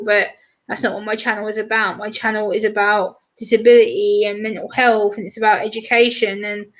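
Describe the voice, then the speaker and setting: A woman chatting on a live stream, retelling stories in an animated way with lots of quoted voices. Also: medium pitch. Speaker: streamer guest. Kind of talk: casual chat on a live stream.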